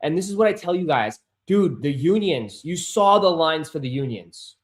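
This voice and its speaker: A man hosting a casual sneaker livestream who swears, gets easily frustrated and calls his viewers bro and dude, turning loud and insistent when he makes a point. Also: fairly high pitch, expressive, moderate pace. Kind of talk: casual live-stream chat. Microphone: desk microphone.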